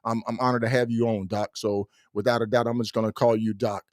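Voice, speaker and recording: A man's voice: mid-range voice, little pitch movement, fairly quick, no echo. Guy hosting a motorcycle podcast, hyped and repeating himself, dry close sound. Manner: enthusiastic, repetitive, shouts out listeners. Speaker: podcast host. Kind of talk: casual podcast chat.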